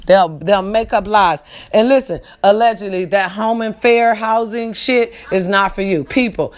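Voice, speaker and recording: A woman hosting a podcast, ranting in a casual, emphatic way, swearing freely and talking straight to her listeners. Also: medium pitch. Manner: emphatic, profane, addresses listeners directly. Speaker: podcast host.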